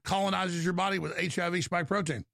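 A middle-aged man hosts a call-in radio show, talking in a forceful, ranting way that jumps about in pitch and speed. His voice is rough and gravelly, and it sits a little high for a man. The sound is dry and close. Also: fairly even intonation, fast, no echo. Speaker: radio talk show host.

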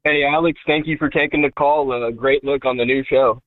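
A man's voice: mid-range voice, steady tone, brisk, no room sound. A male caller lays out his case in an earnest, methodical way. His voice comes through a tinny phone line. The sound is dry.

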